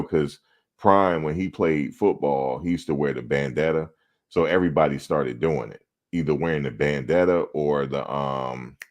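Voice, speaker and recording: A man hosting a sports talk show, telling a profane, animated story about his playing days. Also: very deep voice. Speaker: show host. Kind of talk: casual storytelling.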